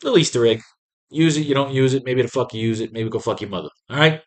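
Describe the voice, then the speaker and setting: A man's voice: medium pitch, fast. A man hosting a writing class, reading comics aloud and ranting at them with crude, exasperated commentary. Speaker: host.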